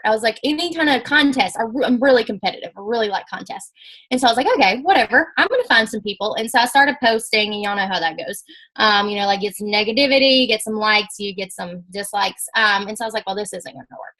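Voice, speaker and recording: A young woman speaking at a business talk, telling her story in a chatty, animated way and acting out the quotes. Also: mid-range voice, fast talker, low-quality recording. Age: young adult. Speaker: network marketing speaker.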